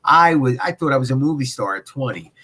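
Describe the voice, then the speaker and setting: An older man chatting casually as a guest, halting and full of fillers. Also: mid-range voice, animated, pushed and bright, husky. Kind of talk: casual interview chat.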